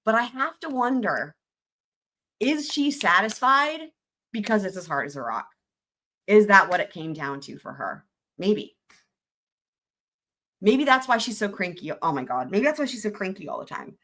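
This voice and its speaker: Giggly, bright-voiced woman livestream host. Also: medium pitch, big pitch swings, normal speed. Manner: giggly, jokey, trails off into laughter. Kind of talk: casual livestream commentary reading court filings.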